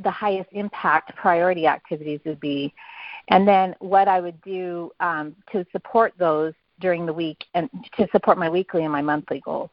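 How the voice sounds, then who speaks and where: A woman's voice: lowish voice, no echo. A woman guest telling her story eagerly in a casual phone interview, rambling and often restarting her sentences. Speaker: network marketing guest. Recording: dull dry phone line.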